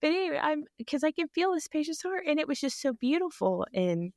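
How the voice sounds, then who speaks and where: A woman telling a personal story with animated energy, acting out other people's voices and laughing often. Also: high-pitched, fairly quick, no room sound, clean studio sound. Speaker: guest.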